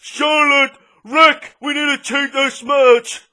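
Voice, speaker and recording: An Irish man doing a mocking impression of a female wrestler as a loud, bellowing, manly voice. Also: very high-pitched, fairly even intonation, slow, voice pushed up, exaggerated voice.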